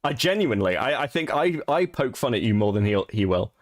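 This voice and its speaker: A man's voice: mid-range voice, very animated, brisk. A man hosting a commentary stream, blunt and sarcastic, swearing freely. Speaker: stream host.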